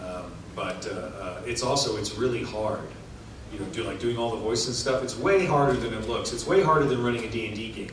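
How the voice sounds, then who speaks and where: A man's voice: mid-range voice, brisk. A middle-aged man, an author, answering panel questions in a casual, rambling way with many filler restarts. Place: large convention hall. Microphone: recorded from the audience. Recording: echoey hall, far off, noisy.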